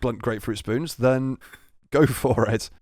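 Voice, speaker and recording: A man's voice: medium pitch, a little slow, darkish tone, no echo, studio quality. A man co-hosting a podcast, rambling and swearing, often restarting his sentences. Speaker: podcast co-host. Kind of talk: casual chat.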